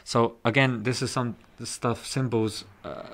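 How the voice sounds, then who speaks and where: A man talks on a casual podcast, explaining points with animated emphasis. His voice sits at a medium pitch. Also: a little slow. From England. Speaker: podcast guest.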